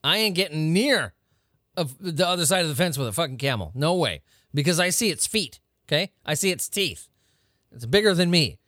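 A man's voice: on the high side, big pitch swings, normal speed, pushed and bright, no room sound, studio quality. A man hosting a weird-news podcast, ranting casually with lots of profanity and incredulous outbursts. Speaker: podcast host. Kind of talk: casual comedic rant.

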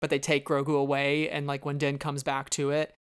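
Smooth-voiced, relaxed man podcaster. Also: a little high, fairly quick. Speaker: podcast host. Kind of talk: casual fan podcast chat.

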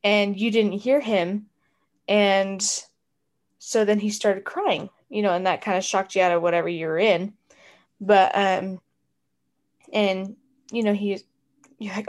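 A woman's voice: mid-range voice, steady tone, unhurried, long pauses, darkish tone. Young woman talking w her mom, chatty, lots of ums and you knows. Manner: chatty, with many fillers like you know and um. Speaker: grown child of the other speaker. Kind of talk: casual family conversation.

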